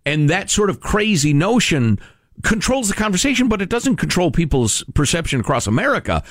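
A man banters on talk radio with heavy sarcasm and emphatic, mock-outraged delivery. His slightly high voice leaps all over the place in pitch. The studio sound is dry and close. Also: very animated, a little fast, no echo. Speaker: radio co-host.

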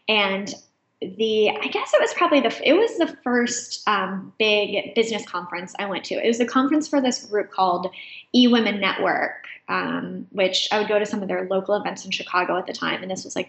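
A woman with a high voice, a guest telling a personal story in a conversational way, laughing often as she talks. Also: fairly bright tone, echoey room. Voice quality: high-pitched voice. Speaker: interview guest.

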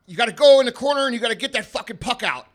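A man's voice: extremely high pitch, animated, racing, pitched above the performer's own voice. A man acting out his fired-up middle-aged father, who barks a profane pep talk at his kids. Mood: barking. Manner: shouting, profane, drill-sergeant bark.

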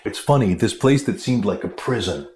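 A middle-aged American man, an actor, tells stories with animated energy and laughs mixed into his talk. His voice sits a little low, and the recording carries a roomy echo around him. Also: moderate pace. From United States. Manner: animated storyteller, laughs while talking. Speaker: actor and interview guest. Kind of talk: casual storytelling interview.

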